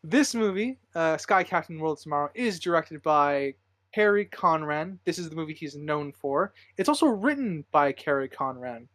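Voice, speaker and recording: A man's voice: a little high, lively intonation, normal speed, a bit bright, dry recording, clean studio sound. A man hosting a casual movie podcast, rambling with many fillers and frequent laughs. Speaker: podcast host.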